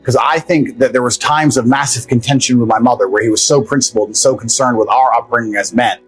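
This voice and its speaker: Brief: husky, rapid-fire male guest telling a story over faint music, blunt and profane. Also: medium pitch, steady tone, low-quality recording. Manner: blunt, profane, rambling anecdotes. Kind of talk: storytelling in a podcast interview.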